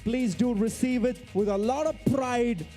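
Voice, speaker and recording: An excitable man runs a charity auction from a stage mic, shouting out bids. His voice sits very high yet sounds mellow. A long reverb from a large event hall trails every word. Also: measured pace, faint music behind. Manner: energetic, excitable, calls out bids. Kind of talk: live auction emceeing.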